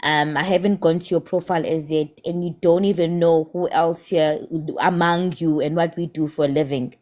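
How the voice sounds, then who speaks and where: Low-pitched and darkish, her voice holds a steady tone at a moderate pace. She's a South African woman in a fiery live-stream debate, scolding with passion and weaving Zulu into her English.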